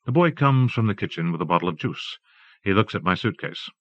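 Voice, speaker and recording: Man, audiobook narrator, measured reading, dull lo-fi tape, dry close sound. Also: lowish voice, animated, fairly bright tone, no echo. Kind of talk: scripted narration.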